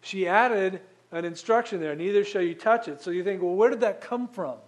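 A man's voice: sits high, moderate pace. A man preaching a sermon in a conversational way, asking the listeners rhetorical questions. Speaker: pastor.

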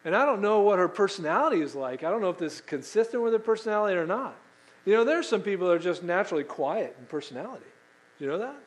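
Brief: middle-aged male pastor, high voice, lively preaching style, asks the room questions. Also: low-quality recording. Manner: animated, asks the congregation questions; acts out quoted voices. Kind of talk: sermon.

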